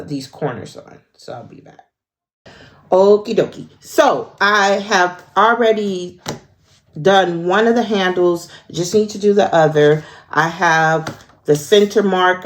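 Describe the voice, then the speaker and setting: Slow, gravelly low-voiced woman teaching sewing. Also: a little hiss or hum. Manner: relaxed, thinking aloud with frequent fillers. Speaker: sewing tutorial host. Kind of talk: casual step-by-step tutorial narration.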